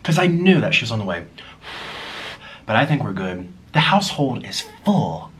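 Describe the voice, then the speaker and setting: A man's voice: medium pitch, big pitch swings, normal speed, a bit bright. A young man chatting casually as he eats on camera, gushing and cooing at his pets in baby talk. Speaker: vlogger. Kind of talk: casual mukbang chat.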